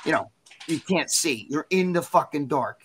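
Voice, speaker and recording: A man guest in an interview, telling a story in a rambling, animated, profane way. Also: on the high side, normal speed, background noise. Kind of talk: casual storytelling.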